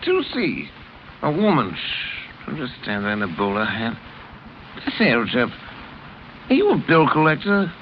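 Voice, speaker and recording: An actor playing a drunken upper-class English gentleman who rambles in a slurred, singsong way, in a 1930s radio drama. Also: medium pitch, huge pitch swings, moderate pace, pauses often, a little hiss or hum. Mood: drunken confiding. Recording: muffled old radio rehearsal tape.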